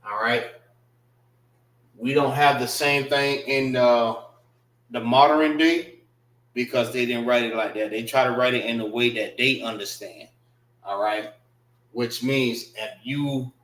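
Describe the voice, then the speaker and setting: A man leads a class in a relaxed, slangy way and goes over each word again and again. He talks very slowly, and his voice sits in the middle of the range. The room around him is bare and echoey. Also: medium pitch. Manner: slow, repeats and spells out words, casual slang. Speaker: teacher. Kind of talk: classroom language lesson.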